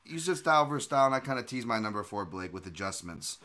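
Guy hosting a podcast, bright forceful voice, talks in bursts and restarts. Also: medium pitch, racing. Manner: animated, rambling with restarts. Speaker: podcast host. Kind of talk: casual chat.

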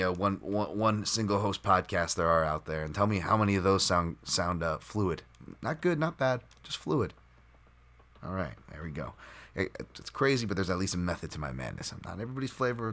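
A man's voice: low voice, pushed and bright. A man hosting a solo podcast, talking unscripted in a rambling, self-deprecating way with lots of fillers and restarts. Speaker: podcast host.

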